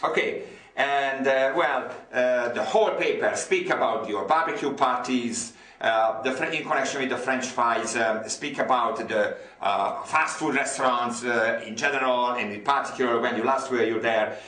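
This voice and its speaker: This English teacher, a Hungarian native with an accent, speaks at normal speed in a mid-range, pushed, bright voice with a roomy sound. He runs his online lesson eagerly, repeating words and filling pauses often.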